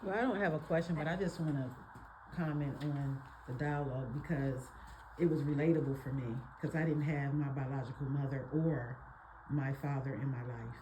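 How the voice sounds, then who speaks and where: Woman, low mellow voice, reflective audience comment, faint noise. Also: steady tone, normal speed. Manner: reflective, open. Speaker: audience member. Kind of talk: personal comment in discussion.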